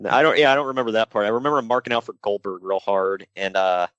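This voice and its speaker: On a casual wrestling podcast, a male co-host jokes around and slips into mock voices in an animated way. His voice is on the low side, fast and smooth, recorded with no room sound and the highs cut off.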